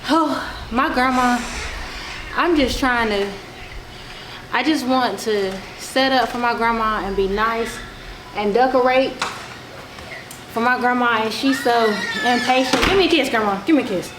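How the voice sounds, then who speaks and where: A woman's voice: a little high, a little slow. A woman vlogging her family at home, chatting casually and playfully quizzing her relatives on camera. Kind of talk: casual chat. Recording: echoey room with background noise.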